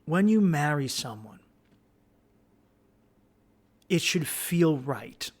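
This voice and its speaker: A man's voice: a little high, very animated, drawn-out words. A man hosting a podcast, giving blunt, profane, rambling advice with many restarts. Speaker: podcast host. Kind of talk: casual advice monologue.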